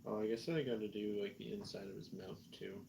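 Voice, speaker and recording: A man's voice: fairly low pitch, steady tone, fairly quick, vocal fry, noisy background. A Canadian man chatting in a rambling, self-mocking way while painting miniatures on a stream, a little tipsy. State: tipsy from drinking. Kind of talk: casual chat while painting.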